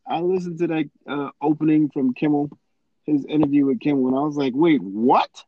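A man co-hosting a podcast in casual chat, animated and joking. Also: a little high, brisk, no room sound, phone-quality sound. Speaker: podcast co-host.

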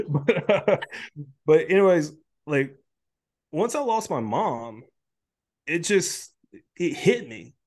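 Candid thirties man, higher-pitched voice. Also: sing-song, extremely slow, pauses often. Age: 30s. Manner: candid, filler-heavy, many "like" and "um". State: emotional, choked up at times. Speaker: health coach guest. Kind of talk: casual podcast conversation.

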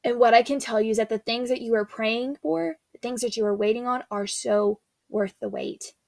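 Young woman, kinda high voice, chatty faith talk, earnest and slangy, dry close sound. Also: fairly even intonation, moderate pace, creaky, darkish tone, dry recording. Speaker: faith speaker. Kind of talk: casual devotional talk.

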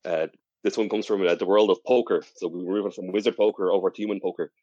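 Low voiced guy hosting a chat, talks fast, lots of uhs and restarts. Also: steady tone, mellow, no room sound, lo-fi sound. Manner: rambling storyteller, many fillers and restarts. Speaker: podcast host. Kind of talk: casual chat.

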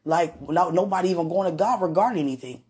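A woman on her podcast, telling a personal story straight to her partner in a lively way, acting out what people said and often speaking of God. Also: fairly low pitch, fast, breathy edge. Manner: animated retelling that acts out quoted voices; religious, speaks of God and the Holy Spirit. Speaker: podcast host. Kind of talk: casual storytelling addressed to a partner.

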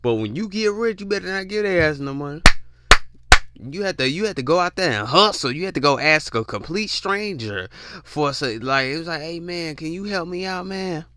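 A man's voice: a little high, animated, a little fast, bright, forceful tone. A young man ranting in a blunt, profane, slangy monologue, repeating himself for emphasis. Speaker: podcast host. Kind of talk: casual monologue rant.

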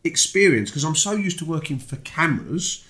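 A British man, a guest, telling a story in casual conversation, animated, acting out the voices he quotes. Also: moderate pace. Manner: animated, acts out quoted voices with big pitch jumps.

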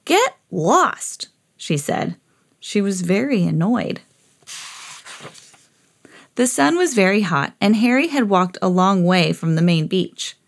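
Lively mom reading a storybook aloud. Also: female voice, measured pace, gravelly, long pauses. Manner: expressive, jumps high for quoted characters. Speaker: podcast host reading a picture book aloud. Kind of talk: read-aloud storybook narration.

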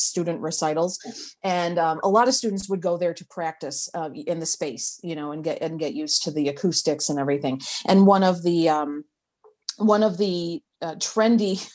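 Low-voiced woman telling a story. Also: a little mellow. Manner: chatty, hesitant storyteller with frequent restarts. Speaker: interviewee. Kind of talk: casual oral history interview.

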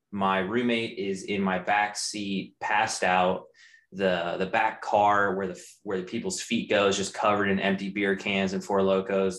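A man's voice: deep voice, fairly bright tone. A young adult man telling a personal story in a casual, candid way, with loose, profane phrasing. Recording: roomy echo.

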